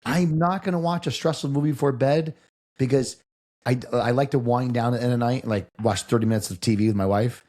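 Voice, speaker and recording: A man's voice: mid-range voice, quick pace, a little mellow. A young adult man co-hosting a podcast, telling family stories in casual chat and acting out the voices of his parents, with some swearing. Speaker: podcast co-host.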